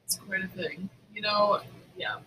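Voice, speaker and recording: A woman's voice: medium pitch, measured pace, pushed and bright, distant mic, a little hiss or hum, rough recording. A woman co-hosting a casual podcast chat, with wry, teasing asides.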